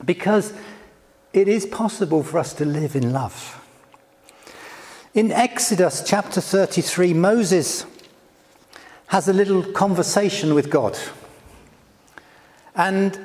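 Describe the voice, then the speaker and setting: A male preacher giving a gentle, conversational sermon, with frequent "you know" asides. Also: high-pitched, expressive, slow pace, pauses often, in a large hall.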